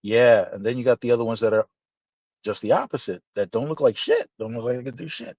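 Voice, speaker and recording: A man telling a story in casual podcast chat, animated and profane, acting out the dialogue. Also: mid-range voice, fast talker, no room sound. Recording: dull, slightly lo-fi dry sound.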